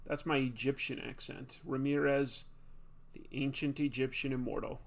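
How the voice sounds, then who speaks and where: A man's voice: medium pitch, little pitch movement, moderate pace, vocal fry. A man hosting a casual live stream, chatting with viewers and laughing at himself a lot. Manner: chatty, self-deprecating, laughs often.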